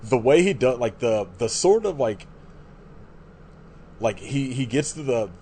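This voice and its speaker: A man's voice: mid-range voice, animated, a little slow, mellow, a little hiss or hum. A man co-hosting a podcast in laid-back, rambling chat, swearing freely. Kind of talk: casual film chat.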